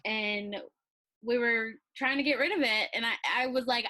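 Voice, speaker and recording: A woman's voice: on the high side, normal speed, pushed and bright, rough recording. A young woman chatting casually in an interview about her calligraphy business, laughing often and filling her talk with "like".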